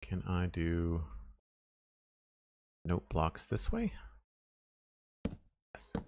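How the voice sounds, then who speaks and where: Low-voiced man mumbling through gameplay. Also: wildly swooping pitch, very slow, darkish tone, a little hiss or hum. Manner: thinks aloud, mumbles, trails off with "uh". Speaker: streamer building in a survival game. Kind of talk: casual gameplay commentary.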